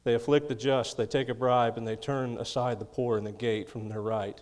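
A man's voice: mid-range voice, steady tone, normal speed, darkish tone, long reverb tail. A man preaching a sermon, reading scripture and adding folksy, chuckling asides. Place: church.

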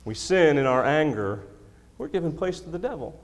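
A man preaches a sermon to his congregation, speaking emphatically into a handheld or stand microphone, repeating key lines and using self-deprecating humor. His voice is on the high side and animated at a moderate pace, with long hall reverb from the church sanctuary.

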